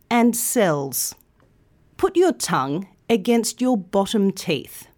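A woman hosting a podcast lesson, enunciating each sound slowly and clearly. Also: medium pitch, a little mellow. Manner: slow, clear, exaggerated enunciation. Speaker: podcast English teacher. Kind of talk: scripted pronunciation lesson.

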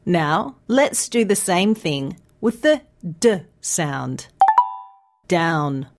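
Slow, clearly enunciating woman teacher. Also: mid-range voice, big pitch swings. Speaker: pronunciation teacher. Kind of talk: scripted podcast lesson.

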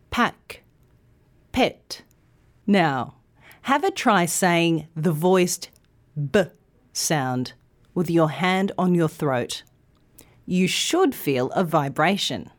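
A woman presenter reading a scripted pronunciation lesson with careful, clear articulation. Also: fairly low pitch. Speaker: news presenter teaching pronunciation.

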